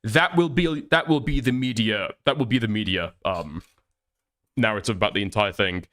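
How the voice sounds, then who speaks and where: An Irish man with a fairly low, bright, forceful voice speaks at normal speed while streaming live sick with the flu. He reads the chat and rants, swearing a lot and laughing often.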